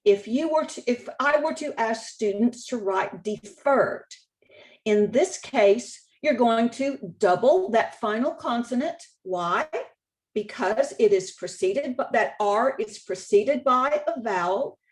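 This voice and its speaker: Woman presenter, slightly high voice, slow careful teacher's delivery through slides. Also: lively intonation. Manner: slow, deliberate, stresses key words and rules; repeats points for emphasis, occasional restarts. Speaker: state spelling contest director. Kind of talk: slide-based instructional presentation.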